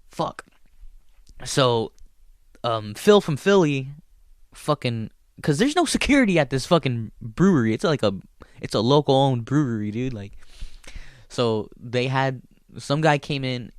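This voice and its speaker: A male stand-up comedian and show host spins a casual story in a loose, animated, rambling way, swearing freely throughout. His voice sits at an ordinary middle pitch and moves at a moderate pace. The sound is dry and close, with no room around it.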